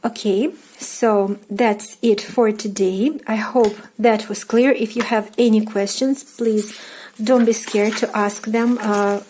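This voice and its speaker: Young Russian-accented woman, casual online teacher, mellow and hesitant. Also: mid-range voice. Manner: halting, many fillers and restarts. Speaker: language teacher. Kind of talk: casual online language lesson.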